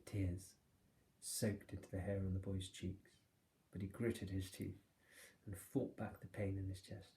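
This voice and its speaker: A male teacher reading a children's novel aloud with steady, expressive storytelling. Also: deep voice, measured pace. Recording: echoey room.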